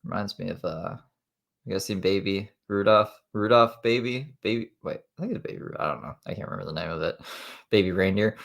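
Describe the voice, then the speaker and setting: A man's voice: deep voice, a little fast, gravelly, fairly bright tone. A man on a live stream reading emails aloud in casual commentary, with profane, sarcastic asides.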